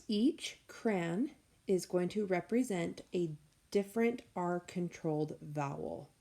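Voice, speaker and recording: A woman teacher walks young learners through a phonics lesson, stretching out each letter and sound. Her voice is low, dark and mellow, with a gravelly edge, and she speaks very slowly. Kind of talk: recorded phonics lesson for children. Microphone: tablet microphone.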